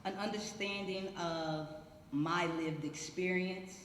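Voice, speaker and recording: A woman's voice: lowish voice, steady tone, takes it slowly, a little hiss or hum. Woman, scientist panelist, chatty and proud, echoey hall, faint ambience. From Atlanta, USA. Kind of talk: panel self-introduction. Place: church hall.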